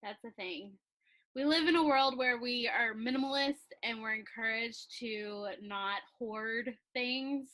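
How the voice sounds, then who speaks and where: A chatty young woman talks in a loose, laughing way, peppering her sentences with filler words. Her voice sits a little high and sounds bright and crisp. She comes across as a guest in a relaxed interview. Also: a little slow, low-quality recording. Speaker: calligraphy business owner, interviewee. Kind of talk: casual interview chat.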